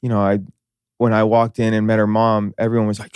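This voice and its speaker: Animated male comedian telling stories. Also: fairly low pitch, fast talker, clean tone, no room sound, studio quality. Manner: animated storyteller, acts out voices, swears freely. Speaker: comedian guest. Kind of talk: casual chat.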